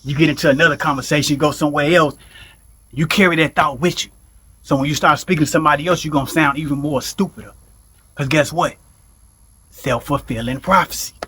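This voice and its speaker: A man with a fairly high, bright, pushed voice talks a little fast over slight hiss or hum. Hosting a mindfulness podcast, he gives a loose, conversational motivational talk that's blunt and salted with profanity, constantly checking in with "you know what I'm saying?"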